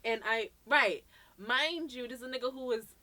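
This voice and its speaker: A slightly high-pitched woman speaks at normal speed as co-host of a podcast. She's from Brooklyn and tells a story in casual chat, animatedly performing the quotes and swearing freely.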